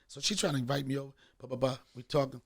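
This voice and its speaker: Gravelly man telling a raunchy story. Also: medium pitch, racing. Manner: animated, profane, acts out voices. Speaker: podcast host. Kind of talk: comedic storytelling.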